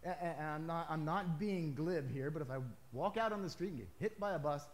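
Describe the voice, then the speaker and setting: Male pastor, somewhat high voice, conversational sermon with sudden emphatic lifts. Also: fairly quick, few pauses. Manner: conversational preaching with emphatic rises and asides.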